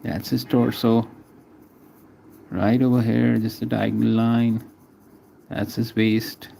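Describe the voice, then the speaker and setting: A man's voice: mid-range voice, flat delivery, slow pace, gravelly, dark tone, slight background noise. A man casually talking through a live drawing session, naming each stroke as he draws and chatting with viewers. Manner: chats with viewers between strokes. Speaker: artist streaming a drawing session.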